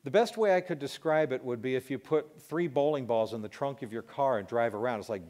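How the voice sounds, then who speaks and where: A man in his fifties, a talk show host, shares a personal testimony in a lively storytelling manner. He acts out sounds and drops in asides to his listeners. His voice sits at an ordinary middle pitch. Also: fairly quick. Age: 50s.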